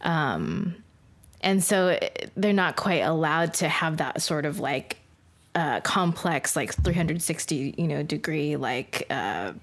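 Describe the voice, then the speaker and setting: A woman co-hosting a podcast who talks in a halting casual way full of fillers. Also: low voice, lively intonation. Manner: halting, lots of "like" and "you know" fillers. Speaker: podcast co-host. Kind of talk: casual chat.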